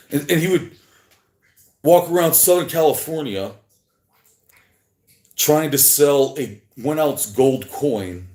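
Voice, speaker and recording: A man livestreaming alone, rambling and halting as he talks to his chat. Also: mid-range voice, mellow. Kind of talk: rambling solo livestream talk. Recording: echoey room.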